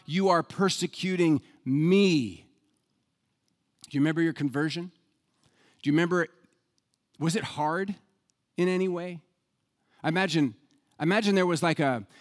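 Male pastor with a slightly high voice, emphatic sermon delivery, loud and soft by turns. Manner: emphatic, varies loudness for stress.

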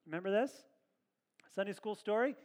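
A male pastor with a voice that sits high preaches a sermon at a moderate pace in a church. His delivery is conversational and animated, with asides to the congregation.

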